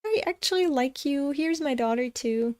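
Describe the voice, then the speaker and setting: A woman voicing a fawning middle-aged father who offers up his daughter, in a mocking high imitation. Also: expressive, normal speed.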